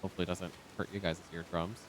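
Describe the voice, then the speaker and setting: A man's voice: low voice, little pitch movement, racing, slight background noise. A man streaming a video game, chatting casually and rambling with many ums into a desk microphone. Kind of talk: casual live-stream chat. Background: faint game music.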